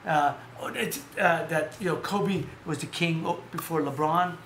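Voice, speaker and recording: Guy hosting a live stream, kinda high voice, rambly, corrects himself a lot, faint noise in the back. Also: measured pace. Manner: rambling, animated storytelling with self-corrections. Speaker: host. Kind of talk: casual live-stream chat about boxing. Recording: echoey room with faint background noise.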